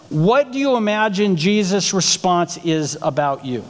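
A male pastor delivers a sermon in a church sanctuary, talking with the room and tossing out rhetorical questions. His voice sits high for a man. A long reverb trails behind his words. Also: very animated, normal speed, hardly any pauses. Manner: conversational preaching with rhetorical questions.

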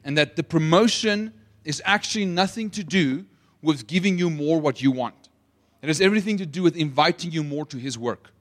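A man preaching a sermon, asking the audience questions and retelling scripture as lively stories. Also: fairly high pitch, a little fast. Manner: asks the audience rhetorical questions; animated storytelling with acted-out quotes. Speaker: pastor.

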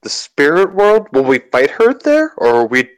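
A polite, jittery adventurer, played by a man in a tabletop game, stammering and courteous. His voice sits a little higher than the player's own and lifts on his questions. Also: huge pitch swings, moderate pace, clear, resonant tone, no echo, low-quality recording. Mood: nervous questions. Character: polite, nervous male adventurer.

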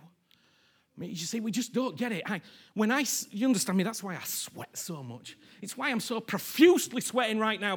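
A man preaching a sermon, impassioned, repeating phrases and swinging from hushed near-whispers to loud pleas. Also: high-pitched, breathy edge.

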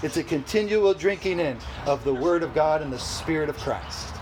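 Brief: a high-pitched male preacher, lively and laughing, at a church service. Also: fairly quick, a little hiss or hum, low-quality recording. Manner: animated, exclamatory, laughs often. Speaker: pastor. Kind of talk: sermon.

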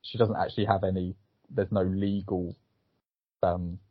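A man's voice: low voice, little pitch movement, moderate pace, slightly rough, no echo. A man co-hosting a casual film review podcast, talking in a hesitant, rambling way with many fillers. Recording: phone-like thin sound, dry.

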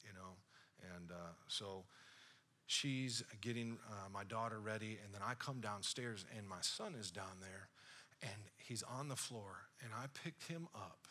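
A male pastor in his thirties preaching a sermon, telling a personal story that builds from hushed retelling to loud, excited preaching. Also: lowish voice, moderate pace.

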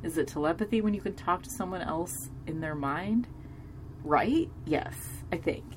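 A woman's voice: on the low side, normal speed, slight background noise. A woman casually recapping a TV episode in a rambling way, hedging with lots of fillers and gushing over scenes she loves. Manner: gushing and enthusiastic; drinking beer while talking.

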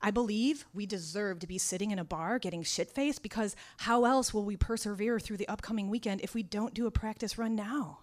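A woman's voice: mid-range voice, a little fast, hardly any pauses. Wry woman telling a story. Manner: wry, deadpan humor turning raw and intense. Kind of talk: first-person spoken storytelling.

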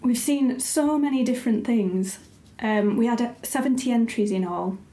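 A woman's voice: fairly high pitch, moderate pace, warm tone, reverberant. A woman, a writer and editor, chatting casually and thoughtfully with frequent ums. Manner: thoughtful, a little hesitant with many ums. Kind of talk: casual conversation.

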